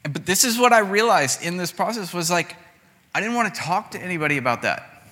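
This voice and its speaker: Male pastor, conversational sermon with acted-out quotes; bright voice, long reverb of a large hall. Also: sits high, animated, a little fast.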